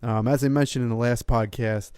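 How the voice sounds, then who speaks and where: A man's voice: medium pitch, fairly even intonation, brisk, darkish tone, smooth, dry recording, clean studio sound. A man with a New York accent co-hosting a fitness podcast, laid-back and joking in casual chat. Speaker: podcast co-host.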